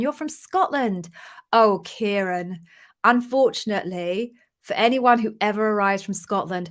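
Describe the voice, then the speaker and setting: A woman's voice: mid-range voice, a bit bright. Chatty Englishwoman hosting a livestream. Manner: chatty, self-deprecating, jokey asides. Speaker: livestream host, interview coach. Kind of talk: casual livestream chat. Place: home near London.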